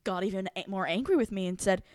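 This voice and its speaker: A woman's voice: medium pitch, fast, no echo, studio quality. Candid swearing woman telling a story. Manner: candid, swears freely, animated retelling. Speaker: podcast co-host. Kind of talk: casual storytelling chat.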